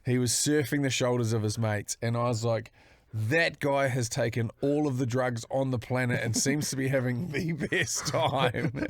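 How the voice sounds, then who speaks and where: A man's voice: medium pitch, moderate pace, dry recording. A man co-hosting a podcast, introducing a guest with enthusiasm and casual swearing. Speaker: podcast co-host.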